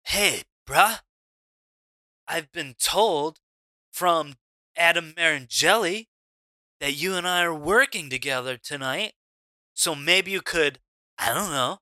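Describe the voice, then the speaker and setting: A golden-boy wrestler with a bro's easy drawl, played by a man in a tabletop game, his voice bright and crisp. He brushes things off and sounds a little put out. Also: on the high side, slow, long pauses, dry recording, heavily acted. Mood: casual, irritated. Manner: laid-back, bro-ish and dismissive. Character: cocky young male pro wrestler, golden boy.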